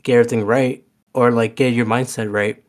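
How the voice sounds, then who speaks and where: A man's voice: medium pitch, steady tone, fairly quick. A man casually recapping a movie with a co-host, rambling with many fillers and restarts. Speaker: podcast co-host. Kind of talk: casual movie rewatch chat.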